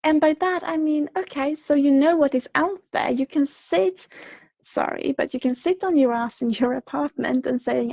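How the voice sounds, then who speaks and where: A woman with a Swedish accent speaking on a livestream, slightly unwell, talking gently and rambling with many fillers and soft laughs. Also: high voice, moderate pace, creaky, no room sound, muffled recording. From Sweden. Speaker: intuitive reader on a livestream. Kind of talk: livestream message reading and chat. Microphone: home streaming microphone.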